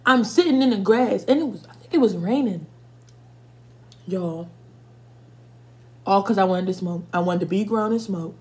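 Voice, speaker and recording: A woman's voice: lowish voice, normal speed, pauses often, dark tone. A woman in her twenties telling casual, profane stories while eating for a mukbang video, stopping now and then to react to spicy food. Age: 20s. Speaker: mukbang vlogger.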